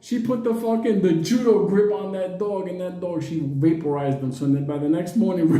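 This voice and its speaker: A man tells a rambling, easygoing comic story at a brisk pace, his warm voice captured with a roomy sound. He laughs at his own jokes and adopts high voices for the characters.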